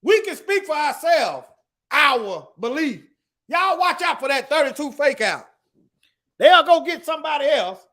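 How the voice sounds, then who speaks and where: A man's voice: very high-pitched, big pitch swings, unhurried, bright, forceful tone. A man teaching the Bible in an emphatic preaching style, reading scripture aloud and addressing his listeners directly. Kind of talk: preaching to an online audience.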